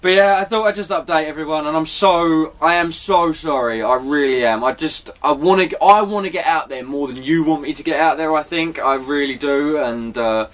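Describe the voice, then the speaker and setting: A man's voice: on the high side, moderate pace, few pauses, a bit bright. A man giving a rambling, apologetic vlog update, chatty and swearing now and then. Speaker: vlogger.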